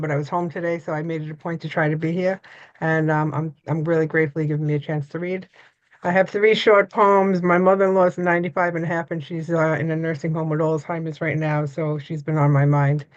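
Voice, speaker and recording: A woman reading her own poetry on a video call, earnest and quick-spoken. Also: deep voice. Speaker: poet reading at an open mic. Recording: dull lo-fi video call audio.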